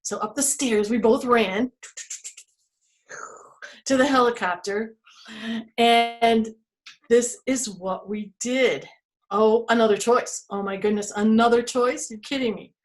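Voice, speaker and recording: A woman storyteller reads an interactive story to children, playful and expressive, asking her listeners questions. Her voice is a little high, and she speaks slowly with long pauses.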